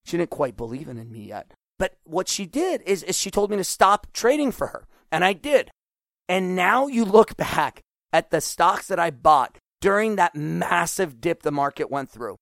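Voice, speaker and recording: A middle-aged man hosting a podcast, talking casually and acting out quoted voices with lively swings. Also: high voice, moderate pace, creaky, dry recording, studio quality. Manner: animated, acts out quoted voices. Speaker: podcast host.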